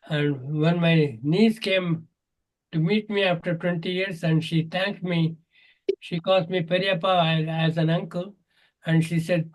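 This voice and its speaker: Man, older, Indian English accent, high-pitched, earnest storytelling, acts out dialogue. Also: low-quality recording. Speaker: guest speaker, natural health teacher. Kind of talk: storytelling advice in an online Q&A.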